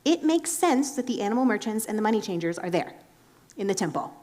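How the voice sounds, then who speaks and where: A woman preaching in a casual, chatty way, animated and filling her talk with "like.". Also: medium pitch, fairly quick. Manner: chatty and animated, heavy use of "like". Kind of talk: casual sermon.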